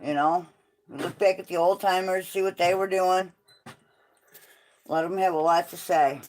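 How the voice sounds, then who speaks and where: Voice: mid-range voice, steady tone, measured pace, poor audio. Blunt, opinionated livestream host. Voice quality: opinionated, blunt, swears freely. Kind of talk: casual livestream chat.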